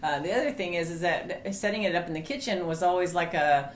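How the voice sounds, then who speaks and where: A middle-aged woman, chatting casually as co-host of a marriage ministry video and telling stories with lively quoted voices. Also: fairly low pitch, fast talker. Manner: chatty storyteller, animated quoting voices. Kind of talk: casual chat. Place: home studio room. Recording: roomy echo, faint hiss.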